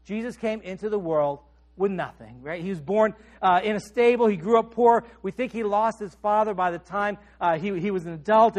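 A male pastor preaching a sermon, dropping soft and low at the ends of phrases and lifting on questions.

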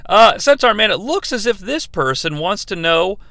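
Male host, overly polite and formal; high, animated, bright tone. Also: normal speed, dry recording. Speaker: podcast host. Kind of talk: comedy podcast, reading listener questions.

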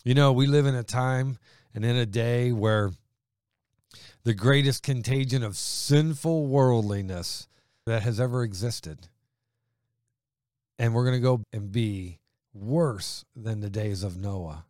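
Guy preaching hard, fervent and emphatic, mid-pitch voice, dry close sound. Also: takes it slowly, long pauses, no echo. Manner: fervent, emphatic preaching, swinging from loud to quiet. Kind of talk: sermon.

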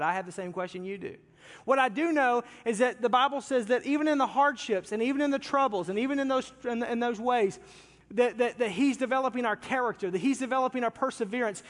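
High-voiced preacher in a big hall. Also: male voice. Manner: impassioned, swings from loud cries to hushed tones. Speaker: pastor. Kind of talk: sermon. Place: large church sanctuary. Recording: long reverb of a big hall.

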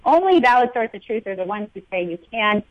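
A woman's voice: a little high, very animated, fast, no room sound, highs cut off. A woman guest on a talk show speaks earnestly and in an uplifting tone about spirituality, with some fillers.

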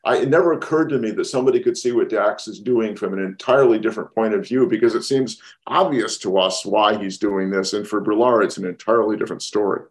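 A podcast co-host discusses a film casually but thoughtfully, often restarting sentences as he builds his point. He has a lowish voice and talks fast with hardly any pauses.

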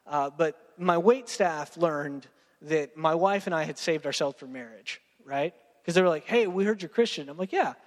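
A man's voice: a little high, normal speed, big-room sound. A young man, preaching a sermon in a casual, joking way and talking straight to his congregation. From Texas. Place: church sanctuary.

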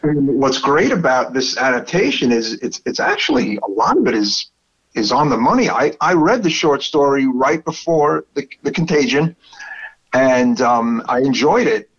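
A man's voice: medium pitch, sing-song, normal speed, husky. Brooklyn man chatting on a muffled recording. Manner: enthusiastic, swears freely, rambling with restarts. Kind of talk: casual chat.

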